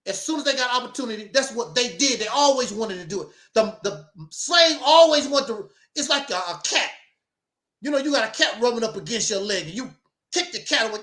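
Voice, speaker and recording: A man with a strikingly high, bright voice preaches emphatically through a talk-show monologue. He drops mocking asides as he builds his points. The sound is roomy and echoey. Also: expressive, fairly quick. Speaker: host.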